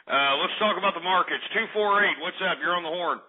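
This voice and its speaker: Brash Texan call-in host, high-pitched, swearing rants over a tinny phone-like line. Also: male voice, fairly quick. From Texas. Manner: loud, profane, ranting, repeats "all right?". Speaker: radio show host. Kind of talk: brash call-in talk radio. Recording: phone-like lo-fi audio.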